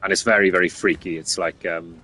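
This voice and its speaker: A man's voice: sits low, fairly even intonation, brisk, sharp tone. A young man streaming a game, chatting casually with lots of fillers and swearing. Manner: rambling, sweary, filler-heavy. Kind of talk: casual chat.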